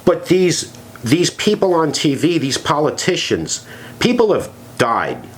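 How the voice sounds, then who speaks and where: In a relaxed podcast conversation, this male co-host delivers animated, sarcastic rants. His voice is on the high side and he speaks a little slowly.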